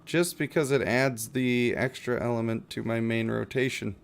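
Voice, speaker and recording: A man's voice: medium pitch, steady tone, normal speed, gravelly, clear, resonant tone. A man streaming a game, chatting casually and rambling in a wry, self-mocking way while reading chat.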